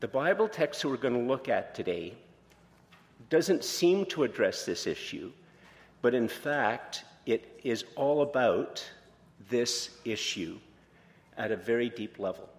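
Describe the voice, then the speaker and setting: A man's voice: medium pitch, very animated, a little slow, big-room sound. A man pastor giving a conversational sermon, telling personal stories in an informal, candid way with lots of fillers and restarts. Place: church sanctuary.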